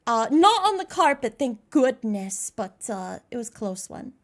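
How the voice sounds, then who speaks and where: A woman's voice: fairly high pitch, very animated, a little slow. A young American woman streaming live, chatting casually, greeting viewers by name and laughing at herself. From United States.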